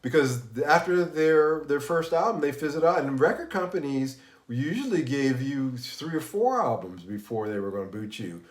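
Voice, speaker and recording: A man's voice: a little high, animated, moderate pace, roomy sound. A man hosting a casual live stream about music, rambling with many restarts, sounding unwell and tired. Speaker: livestream host.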